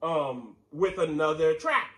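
A man's voice: a little high, animated, slow pace, a bit bright. A man co-hosting a podcast in casual, playful chat, laughing often and using slang. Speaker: podcast co-host. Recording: roomy echoey room.

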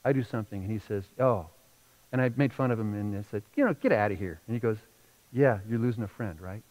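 A middle-aged man preaching a sermon as pastor, telling a personal story with feeling and moving between hushed and loud passages. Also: on the low side, expressive, fast, poor audio.

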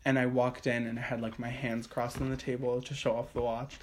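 A young man, co-hosting a casual chat podcast from his room at home, telling an animated story full of swearing and acted-out quotes. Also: mid-range voice, brisk. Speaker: podcast co-host.

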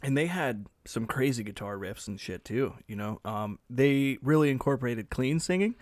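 Young male co-host, relaxed and halting, dry close mic. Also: medium pitch, dry recording. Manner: laid-back, hesitant, many fillers. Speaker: podcast co-host. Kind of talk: casual chat.

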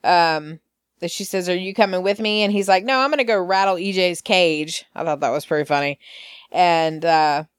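A woman's voice: on the low side, normal speed, clear, resonant tone, no echo, clean studio sound. A woman hosting a podcast, recapping soap opera scenes in a chatty way, full of fillers and quoted lines. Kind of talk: casual recap chat.

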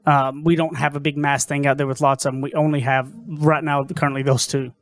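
A man with a fairly high voice co-hosts a casual podcast. He reads sponsor plugs briskly and jokes with the others. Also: little pitch movement. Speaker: podcast co-host.

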